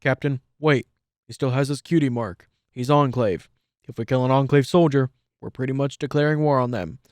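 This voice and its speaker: A man's voice: mid-range voice, fairly even intonation, normal speed, dry recording, natural voice. A level-headed male griffin soldier, read by a man in a near-normal voice, pressing a careful, reasoned warning. The delivery is firm and a little raised. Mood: urgent. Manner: cautious, reasoning.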